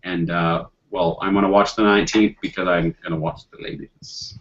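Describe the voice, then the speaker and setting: A man's voice: sits low, normal speed. A man co-hosting a casual chat show, cracking puns and telling jokes. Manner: joking, punny, animated. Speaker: co-host. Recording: dull lo-fi audio.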